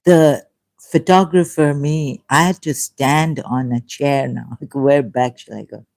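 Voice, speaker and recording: A woman, hosting a livestream and talking off the cuff in a rambling, animated way, often breaking into laughter. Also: rumbling low, unhurried, vocal fry. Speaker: livestream host. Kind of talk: unscripted livestream monologue.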